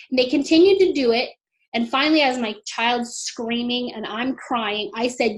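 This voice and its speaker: Earnest high-voiced mother telling her story. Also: moderate pace. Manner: emotional, earnest, quoting others in a lifted voice. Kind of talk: interview storytelling.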